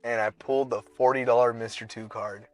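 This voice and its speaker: A man's voice: mid-range voice, fairly even intonation, a little fast, no echo, soft background music. A young man co-hosting a podcast, telling a long story in casual slang and acting out characters in bursts. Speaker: podcast co-host. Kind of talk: casual chat.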